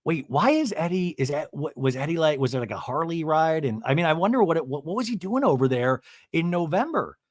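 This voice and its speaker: A man hosting a podcast, chatting through a comedic reality TV recap in a gossipy way and slipping into quick mock voices. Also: fairly high pitch, sing-song, no room sound, clean studio sound.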